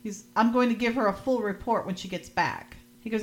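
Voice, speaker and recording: A woman's voice: medium pitch, moderate pace. Woman, podcast host, casual recap, acts out quoted lines, laughs often. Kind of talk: casual chat, retelling scenes.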